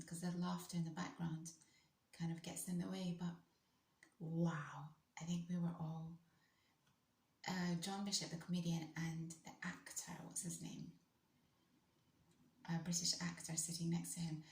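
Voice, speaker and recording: Chatty woman with a lowish voice. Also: a little mellow, reverberant, slight background noise. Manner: chatty, with asides and laughs. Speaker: vlogger reacting to clips. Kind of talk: casual chat.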